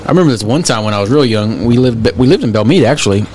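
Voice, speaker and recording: A man's voice: medium pitch, animated, fast, a little mellow. A man co-hosting a podcast, telling rambling stories in casual chat. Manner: rambling storyteller, lots of fillers and repeats. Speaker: podcast co-host.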